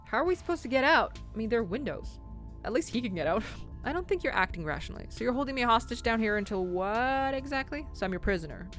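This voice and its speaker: Woman game streamer, bright and playful, laughs often, loud outbursts. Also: fairly high pitch, big pitch swings, fast, soft background music. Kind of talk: playing and reading a story game aloud.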